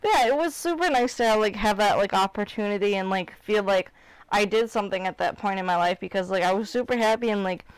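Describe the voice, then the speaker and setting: A young woman in her twenties from Illinois chatting on a live stream. Her voice is smooth and clear, and the sound is dry and close. She talks in loose, rambling runs full of fillers, open and candid with her viewers. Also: mid-range voice, fast, dry recording. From Illinois, United States. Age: 20s. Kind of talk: casual live-stream chat.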